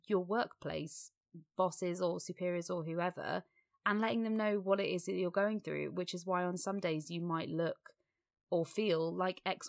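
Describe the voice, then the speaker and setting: Low, gravelly woman co-hosting. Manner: candid, sweary, rambling. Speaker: podcast co-host. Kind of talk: casual podcast chat.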